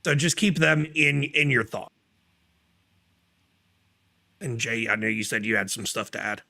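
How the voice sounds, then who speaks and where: A man co-hosting a podcast, speaking somberly in a halting way with many pauses. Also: medium pitch, creaky, bright, forceful tone. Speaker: podcast co-host.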